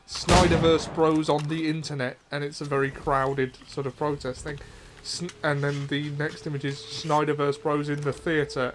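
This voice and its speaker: A man's voice: a little high, heavy background noise. A man chatting casually on a gaming stream, laughing easily and swearing offhand. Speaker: streamer co-host.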